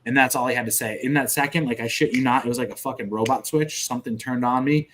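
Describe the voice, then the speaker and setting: A man's voice: medium pitch, fast talker. Profane veteran man telling war stories. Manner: profane, vivid, animated retelling with sound effects. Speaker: podcast guest, military veteran. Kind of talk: casual war storytelling.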